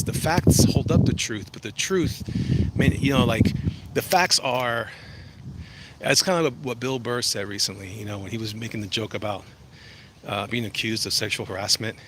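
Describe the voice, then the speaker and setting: A man's voice: mid-range voice, noisy background. A man chatting casually on a walking livestream, reading out chat messages, rambling and joking with frequent restarts. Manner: rambling, self-interrupting, jokey. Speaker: vlogger reading live chat. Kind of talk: casual walk-and-talk livestream. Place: outdoors walking.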